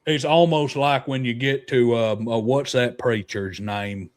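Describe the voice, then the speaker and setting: A man's voice: mid-range voice, steady tone, unhurried. A man with an Alabama accent hosting a podcast in casual, joking chat. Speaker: podcast host.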